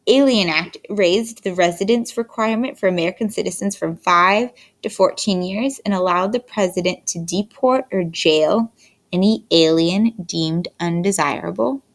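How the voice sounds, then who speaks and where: A woman teaching a history lesson in a recorded lecture, talking in an unhurried, fairly monotone way with frequent fillers and restarts. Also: mid-range voice. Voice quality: monotone delivery. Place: indoors, screen-recorded lecture.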